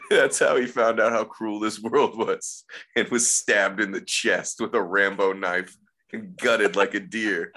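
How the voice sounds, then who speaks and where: A man's voice: lowish voice, measured pace, bright, forceful tone. A man co-hosting a podcast, telling stories with sarcasm and profanity. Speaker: podcast co-host. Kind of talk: casual wrestling podcast chat.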